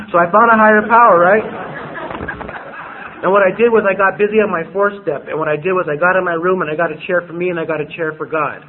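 A man's voice: on the high side, phone-quality sound. A man giving personal testimony at a recovery meeting, rambling and stumbling over repeated words as he acts out old conversations.

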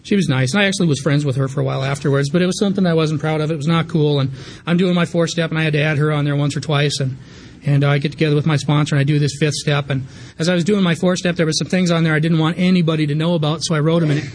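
A man in his thirties tells his sobriety story at a rapid clip, candid and rambling, full of fillers and restarts. His voice sits a little high for a man. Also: fairly even intonation. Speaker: recovery meeting speaker. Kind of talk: personal recovery story.

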